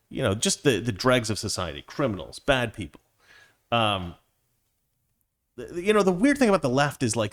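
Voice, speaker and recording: Man, show host, opinion monologue, rambling with restarts, lively swinging pitch, mid-pitched voice. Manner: rambling, many restarts and digressions.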